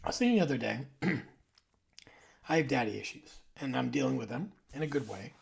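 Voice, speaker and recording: A man in his forties hosts a casual, rambling monologue. His voice is heavily gravelly, with a mid-range pitch. He now and then drops into soft asides. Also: lively intonation, normal speed. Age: 40s. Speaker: video host.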